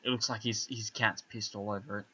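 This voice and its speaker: A young man telling a story in casual podcast chat, animated and full of swearing, asking "right?" as he goes. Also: lowish voice, fairly quick, husky, lo-fi sound. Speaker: podcast co-host.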